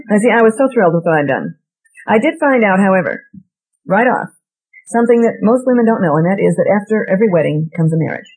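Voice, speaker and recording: A woman's voice: mid-range voice, expressive, quick pace, a little mellow, husky, rough recording. A woman from Massachusetts with a Boston accent, telling a wry, self-mocking personal story to a live audience and asking them direct questions. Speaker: speaker addressing an audience.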